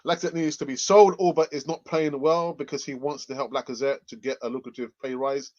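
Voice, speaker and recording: A man's voice: a little high, brisk, few pauses, a little mellow. A man from England hosts a casual fan channel chat, rambling and repeating himself with many fillers and a cough. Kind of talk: casual live chat reading comments. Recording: muffled lo-fi audio.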